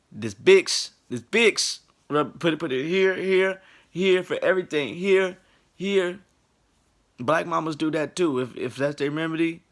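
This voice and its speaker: In a casual, animated way, a man in his late twenties tells a funny personal story, laughing and acting out the people involved. His voice is medium in pitch.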